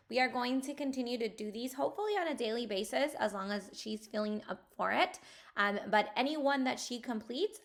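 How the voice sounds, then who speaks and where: A woman's voice: a little high, gravelly, a bit bright. A young adult woman patiently guiding a child through a lesson at home, coaxing and laughing often. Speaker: parent guiding a child's activity. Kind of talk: casual home teaching and outro.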